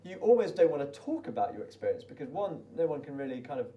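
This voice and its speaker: Chatty British man, quick and rambling. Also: fairly high pitch, big pitch swings, distant mic, lo-fi sound. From Britain. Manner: chatty, rambling with many restarts. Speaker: desert race runner. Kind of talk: casual spoken recollection.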